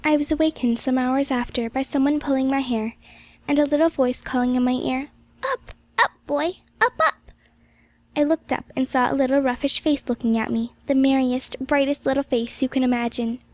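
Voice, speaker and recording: A woman reading a classic novel aloud as an audiobook, in gentle, measured storytelling narration. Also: high-pitched, steady tone, no echo. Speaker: audiobook reader.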